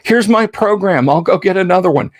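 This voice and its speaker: A man's voice: high-pitched, lively intonation, fairly quick, dry recording. A man hosting a casual livestream, rambling and joking about himself. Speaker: livestream host.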